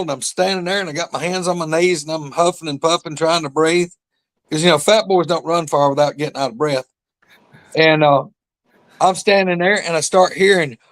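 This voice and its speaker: Man, folksy rambling storyteller, slightly high voice, dry sound. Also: dry recording. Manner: drawling rural storyteller, calls listeners y'all. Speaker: podcast host. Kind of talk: casual storytelling chat.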